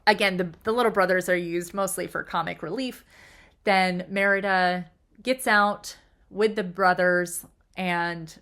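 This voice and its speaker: A woman hosting a video, talking casually and emotionally through a film's plot, with her voice rising sharply when she gets excited and dropping into whispered asides. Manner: chatty and emotional, pitch jumps up when excited. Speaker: video host analyzing film characters. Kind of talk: casual analytical monologue.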